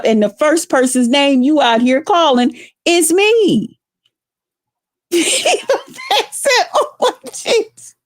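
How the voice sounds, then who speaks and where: Slow-talking, profane woman ranting. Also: high voice, dry recording, clean studio sound. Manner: profane, animated, dramatic. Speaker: vlogger. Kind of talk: casual storytelling rant.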